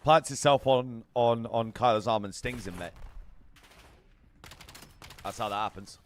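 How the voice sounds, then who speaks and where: A young British man streams a watch party, bantering casually with his chat in a mid-range voice at a measured pace. He's brash and swears a lot, with slight background noise in the recording.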